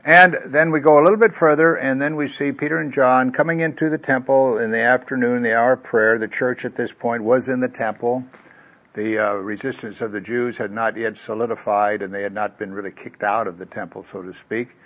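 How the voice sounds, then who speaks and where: A man preaching a conversational sermon, lively, with folksy asides and filler words, acting out the quoted voices in his stories. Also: medium pitch, fairly quick. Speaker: pastor.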